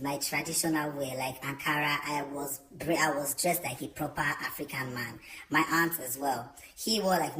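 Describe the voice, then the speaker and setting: A young man telling a storytime vlog, chatty and animated, with many fillers. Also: on the high side. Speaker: vlogger. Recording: roomy echo.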